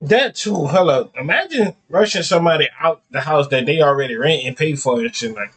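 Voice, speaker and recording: A man chimes in with blunt, profane jokes in loose casual slang. His voice sits high for a man and jumps around a lot as he talks. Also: animated, a little fast, fairly bright tone, breathy edge. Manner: blunt, joking, swearing. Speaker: co-host reacting.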